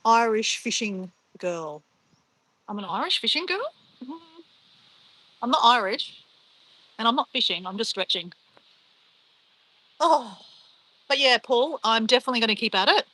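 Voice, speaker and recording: A middle-aged Australian woman hosting a casual livestream, reading out viewers' comments in a chatty, upbeat way. Her voice is bright and a little higher than most, and her Australian accent is clear. She answers the chat easily and brushes things off. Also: lively intonation, unhurried, pauses often, dry recording, low-quality recording.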